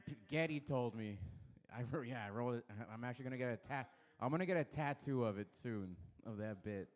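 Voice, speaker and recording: A man doing a stand-up comedy set on a dark club stage, with loose, rambling, crude delivery and frequent laughs at his own jokes. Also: mid-range voice, fairly quick.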